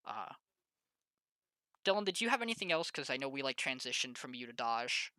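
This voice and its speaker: A man's voice: mid-range voice, sing-song, fairly quick, bright, forceful tone, dry recording. A young man hosting a casual podcast chat, easygoing and steering the talk.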